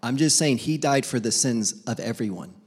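A man's voice: medium pitch, expressive, moderate pace, a little mellow, husky. A young adult man preaching a casual, humorous sermon as pastor, acting out little back-and-forth dialogues between people and God.

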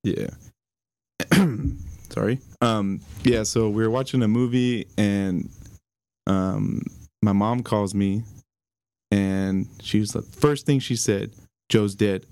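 A young man tells a personal story on a podcast. His voice sits fairly low, and his delivery is halting and casual, full of fillers and the odd curse. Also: fairly even intonation, darkish tone, clean tone, dry recording. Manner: halting, many fillers, swears. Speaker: podcast guest.

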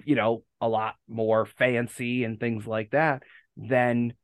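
A man's voice: mid-range voice, little pitch movement, slow pace, clean tone, no room sound. A man from the United States hosting a casual fan podcast, rambling and correcting himself with lots of fillers. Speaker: podcast host.

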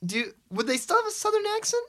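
よく笑う男性、抑揚の大きい話し方. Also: male voice, very high voice, wildly swooping pitch, fast talker, fairly bright tone. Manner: teasing, argumentative, laughs often. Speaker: podcast co-host. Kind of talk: casual chat.

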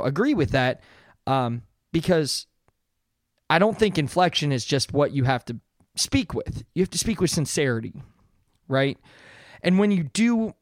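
A man's voice: a little high, no room sound, clean studio sound. A man in his thirties hosting a casual solo podcast, talking earnestly in a rambling way with many fillers and restarts. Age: 30s. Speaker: podcast host.

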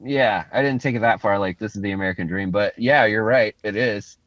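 A man's voice: on the low side, brisk, dry recording. A man in his thirties co-hosting a casual podcast, goofy and swearing freely, often slipping into joke voices. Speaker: podcast co-host. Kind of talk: casual chat. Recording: dull lo-fi dry sound.

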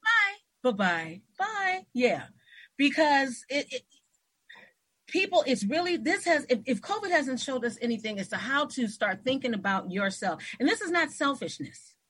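A woman hosting an interview, telling personal stories in a casual, animated way and acting out the voices of people she quotes. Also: high voice, normal speed, husky. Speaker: host.

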